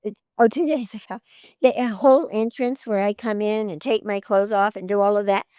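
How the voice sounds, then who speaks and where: An older actress in an interview, telling stories in a chatty, animated way, often laughing and jumping her voice up for quoted lines. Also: medium pitch, a little fast, clean tone, no echo, studio quality. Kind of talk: conversational storytelling interview.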